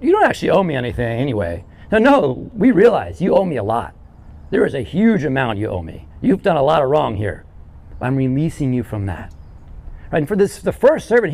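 A male pastor preaching a sermon, retelling a parable and acting out its characters' pleas. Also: a little high. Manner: animated, acts out quoted characters in the story.

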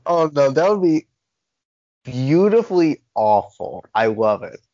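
A man's voice: fairly high pitch, big pitch swings, unhurried, warm tone, no echo, muffled recording. Playful man, dry close sound. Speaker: podcast guest. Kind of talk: casual chat.

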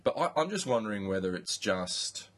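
Aussie guy on a podcast, deep husky voice, rambles and swears a bit. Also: big pitch swings, normal speed, fairly bright tone. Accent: Australian. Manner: rambling, swears casually, many restarts. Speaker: podcast host. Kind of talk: casual chat.

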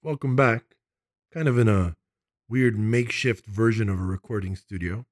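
A man hosting a casual tabletop games podcast, animated and quick to laugh, recording in a makeshift home studio. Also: on the low side, dry recording. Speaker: podcast host.

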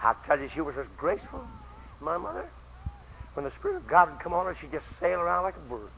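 An older man preaching a fervent camp meeting sermon, telling stories with quoted voices and breaking into shouts, on an old recording. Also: on the high side, big pitch swings, fast talker, vocal fry, slight background noise. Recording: dull lo-fi old tape recording.

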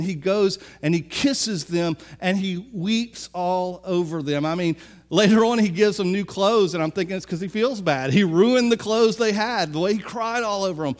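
A middle-aged man preaching a sermon in a high, light voice. He tells the story with animated energy and slips into the characters' lines as he goes. His delivery is conversational and full of asides.

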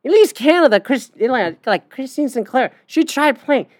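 This podcast host's voice sits high with lively intonation and a darkish tone, moving at a moderate pace. She rants casually, bluntly and profanely, using lots of fillers, and the studio-quality recording has no room sound.

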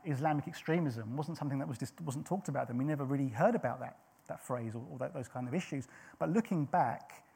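Middle aged guy preaching, husky kinda raspy voice, tells stories earnestly, lots of restarts. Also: mid-range voice, warm tone. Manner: earnest storytelling, frequent restarts. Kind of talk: sermon with personal testimony.

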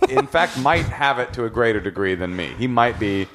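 Male guest storyteller, animated, bursts of shouted mimicry. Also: medium pitch, normal speed, slight background noise. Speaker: podcast guest, film director. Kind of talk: casual storytelling chat.

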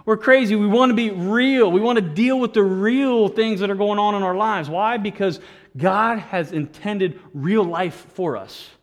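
High-voiced pastor preaching with stammering energy. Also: male voice, unhurried. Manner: animated, stammering restarts, jokey asides. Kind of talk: sermon.

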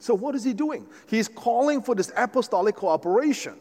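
Animated male preacher in a reverberant hall. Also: high-pitched, moderate pace. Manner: animated, conversational preaching with restarts. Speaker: pastor. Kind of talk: sermon.

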